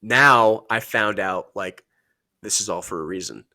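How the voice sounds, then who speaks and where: A man's voice: on the low side, measured pace. A man, a podcast guest, telling casual, profane stories about his military service and acting out the people he quotes. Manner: profane, animated storytelling with acted-out quotes. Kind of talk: casual storytelling.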